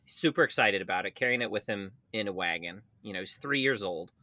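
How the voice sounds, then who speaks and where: A man's voice: lowish voice, expressive, fast, pushed and bright, no echo. A man in his thirties, co-hosting a casual podcast, telling a story with a lot of laughing and swearing. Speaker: podcast co-host.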